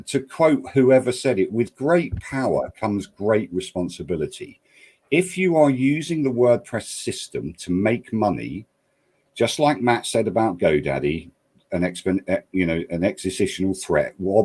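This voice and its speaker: Blunt Englishman with a husky voice. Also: mid-range voice, darkish tone. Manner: blunt, restarts a lot, stresses points by repeating them. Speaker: panelist, plugin developer. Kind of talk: heated round-table discussion.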